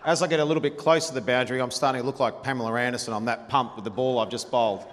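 A man's voice: medium pitch, steady tone, very fast. A man in his forties with an Australian accent tells a long anecdote on stage, chatty and blunt, laughing and swearing as he goes. His voice carries a long reverb from a large dinner hall, with a faint wash of room noise behind it. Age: 40s. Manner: chatty, laughing, blunt and profane, with lots of ums. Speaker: guest storyteller.

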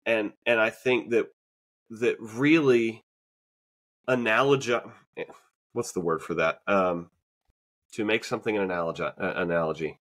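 A man's voice: on the low side, moderate pace, long pauses, fairly bright tone. A man co-hosting a podcast, talking in a casual, reflective way with many fillers and restarts. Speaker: podcast co-host. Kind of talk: casual conversation.

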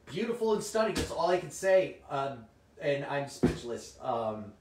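A middle-aged man, slightly hoarse, hosting a comic shop livestream in casual, chatty talk and answering viewers' comments. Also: on the high side, very animated, a little slow. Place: indoor room. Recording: roomy, distant mic, faint noise.

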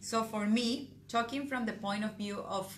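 A woman, a dentist, co-hosts a live teaching session and reads viewers' questions aloud. She jumps in quickly between points. Her voice carries room echo with faint noise behind it. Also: medium pitch, fairly even intonation. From Colombia. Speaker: dentist and course co-host. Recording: echoey room.

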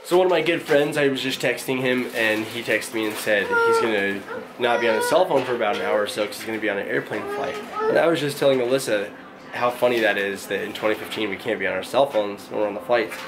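A man's voice: fairly low pitch, fast. A young man, a father, chatting casually to the camera in his family's kitchen for a home vlog, rambling through his thoughts in a talkative way. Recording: home video with background noise.

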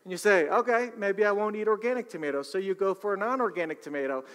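A man voicing a teenage boy doing stand-up comedy, with a dry, slow, deadpan delivery. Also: high voice, voice pushed up. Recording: long reverb of a large hall.

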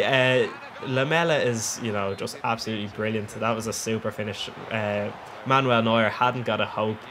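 A young man with an Irish accent doing cheeky, excitable voice-over commentary on his own gameplay, laughing often. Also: mid-range voice. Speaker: gaming channel host.

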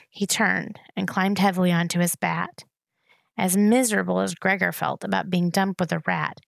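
Woman reading a novel aloud, gravelly. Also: mid-range voice, no room sound. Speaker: reader.

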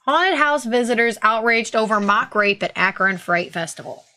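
A woman's voice: fairly high pitch, animated, normal speed, bright, forceful tone. A young woman co-hosting a casual podcast, reading news stories aloud with profane, teasing asides. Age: young adult. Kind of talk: casual chat.

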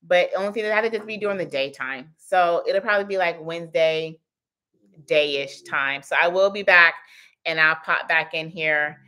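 A woman's voice: on the low side, normal speed, sharp tone. A woman in her thirties hosting a casual livestream Q&A as a business coach, chatty and laughing often as she answers the chat.

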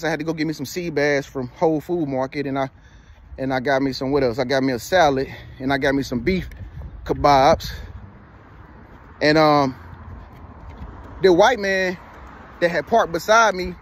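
A man's voice: on the high side, normal speed. A man in his thirties giving casual motivational advice, preachy and repetitive, who keeps checking in with "you feel me.". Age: 30s. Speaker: motivational vlogger.

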